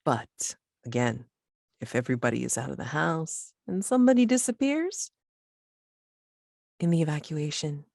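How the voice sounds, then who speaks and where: A woman narrates a tabletop game as game master, slowly and hesitantly, often restarting her sentences. Her voice is very low and husky. The sound is dry and close. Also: lively intonation, a little mellow, dry recording.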